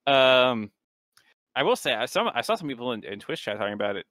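A man co-hosting a podcast, chatting in an easygoing, self-deprecating way with halting restarts. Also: mid-range voice, sing-song, bright, forceful tone, dry recording. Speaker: podcast co-host. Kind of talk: casual chat.

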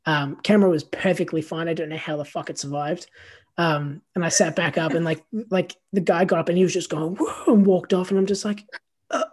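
A man hosting a podcast, telling stories in relaxed casual chat with frequent swearing. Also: fairly high pitch, fairly quick. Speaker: podcast host, photographer.

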